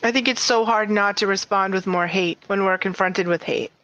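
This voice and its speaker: A woman's voice: mid-range voice, fairly even intonation, moderate pace, fairly bright tone, dry recording, low-quality recording. A woman in her fifties hosts a conversational interview, answering her guest with short affirmations and reflections. Her voice is recorded close and dry, with no room sound around it.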